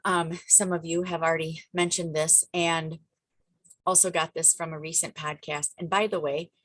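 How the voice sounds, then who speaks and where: A woman hosting a group video call, giving an energetic, emphatic motivational coaching talk full of chatty asides. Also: sits low, moderate pace, dry recording.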